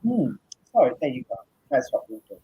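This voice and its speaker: A tired woman hosting a casual live chat, laughing often and reading out viewers' comments in a husky voice. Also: a bass voice, big pitch swings, normal speed. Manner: chatty, laughs often, reads comments aloud. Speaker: host. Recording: dull lo-fi stream audio.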